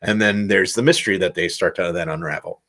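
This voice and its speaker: A man's voice: sits low, a little fast, a bit bright. Rambling, self-mocking male game master. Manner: loose, self-deprecating, rambling. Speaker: game master giving advice. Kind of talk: casual instructional talk.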